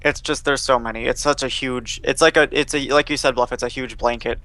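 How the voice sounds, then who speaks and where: A man co-hosting a casual podcast chat, animated and swearing casually as he reminisces. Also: mid-range voice, fairly quick, no echo. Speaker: podcast co-host.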